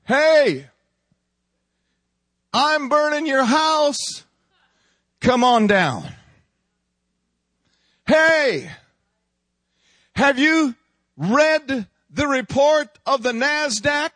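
A man's voice: very high-pitched, lively intonation, extremely slow, long pauses, pushed and bright, no room sound, pitched above the performer's own voice, exaggerated voice. A man voicing a taunting devil who jeers and mocks, in a sermon. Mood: jeering. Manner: mocking, jeering calls. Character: taunting devil luring believers down.

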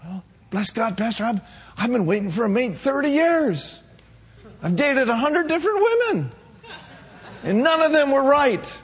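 A preacher playing an impatient single guy, husky. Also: very high-pitched, big pitch swings, moderate pace, voice pushed up, exaggerated voice. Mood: exasperated. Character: impatient single man griping to his pastor.

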